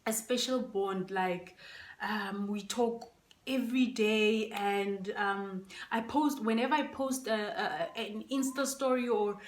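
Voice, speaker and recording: A woman's voice: medium pitch, slow, roomy sound. A woman vlogger chatting casually to her phone camera, emotional and close to tears, with many fillers. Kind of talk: casual unboxing chat.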